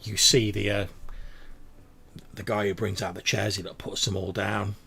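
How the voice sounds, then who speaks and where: Brief: male game master, gravelly, husky, low, loose descriptive narration. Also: flat delivery, moderate pace, sharp tone. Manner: rambling descriptive, many fillers.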